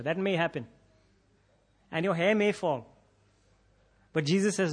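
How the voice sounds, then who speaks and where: Impassioned male preacher, fairly high voice. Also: normal speed, long pauses, slightly rough. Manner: rising to intense, impassioned emphasis, repeating phrases for effect; acts out imagined prayers in quoted voices. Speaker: pastor. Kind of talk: sermon.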